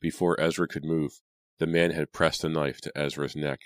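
A man narrating an audiobook in a measured, even delivery. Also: extremely low pitch, dry recording. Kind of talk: scripted narration.

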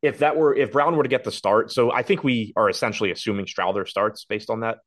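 A man co-hosting a fantasy basketball show, thinking aloud as he breaks down player ownership and projections. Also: fairly low pitch. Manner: rapid, analytical, thinking aloud. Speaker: fantasy sports podcast co-host. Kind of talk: casual sports betting chat.

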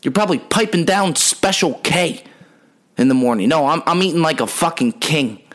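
A man's voice: a little high, expressive, moderate pace, a bit bright. A young adult man hosting a comedy podcast, telling rambling, profane stories in a brash, joking way. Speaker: podcast host.

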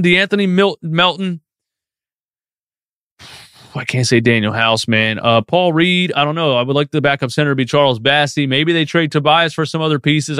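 A man's voice: on the high side, fairly bright tone, smooth, dry recording, studio quality. A man hosting a live post-game sports stream, reading chat questions and ranting with feeling. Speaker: sports podcast host.

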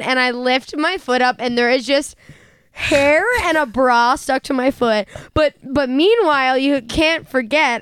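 A young woman co-hosts a podcast in casual chat, spinning animated, laughing stories with plenty of swearing. Her voice sits high and comes across smooth and clear. The sound is dry and close. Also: no echo. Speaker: podcast co-host.

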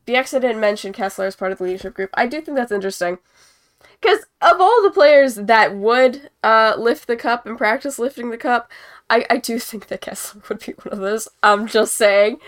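A woman's voice: a little high, moderate pace. A young woman hosting a casual live-stream hockey chat, rambling and giggly while she paints as she talks. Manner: rambling, giggly, self-deprecating. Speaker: host.

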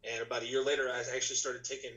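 A man, a podcast guest and musician, telling his story in casual chat, rambling with many restarts, his voice slightly rough tonight. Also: medium pitch, little pitch movement, rapid-fire, bright, forceful tone, poor audio. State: slightly rough voice, clearing throat.

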